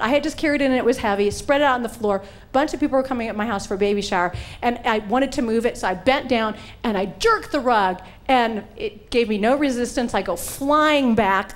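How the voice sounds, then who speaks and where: A middle-aged woman preaching, telling stories with humor and acting out the voices in quotes. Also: fairly high pitch. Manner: animated, acts out voices in quotes. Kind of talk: humorous sermon storytelling.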